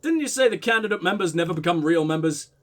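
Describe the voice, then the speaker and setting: A man's voice: high voice, expressive, fast talker. A man voicing a blunt, impatient police detective who questions in a probing, exasperated way. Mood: pressing, impatient.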